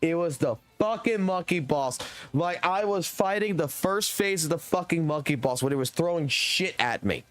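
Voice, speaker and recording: A young adult man streaming live spins a long, rambling, heated story in casual chat, swearing heavily. His voice is on the high side with lively intonation, he speaks at normal speed, there's no echo, and faint music plays behind him.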